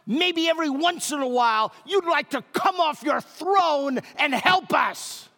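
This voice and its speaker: A man voicing a furious wife who shouts a sarcastic tirade at her husband, with long hall reverb around him. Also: very high-pitched, expressive, unhurried, voice pushed up, exaggerated voice. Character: furious scolding wife, adult woman.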